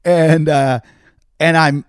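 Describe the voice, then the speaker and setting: A man's voice: on the high side, flat delivery, slow, smooth, dry recording, studio quality. A middle-aged man, a comedian hosting a podcast, telling a story in casual chat and acting out the other people's lines. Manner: swears casually.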